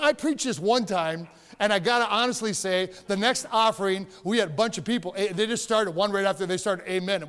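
In a reverberant church sanctuary, a high-voiced male pastor preaches a sermon. He tells stories with rising emphasis that builds to shouting, and the hall's long reverb carries every word.

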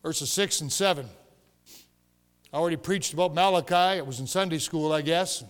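High-voiced preacher in a reverberant church. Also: male voice, normal speed, clean tone. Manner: storytelling, emphatic, rising to shouts. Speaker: pastor. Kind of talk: sermon. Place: church sanctuary. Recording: long reverb of a church hall.

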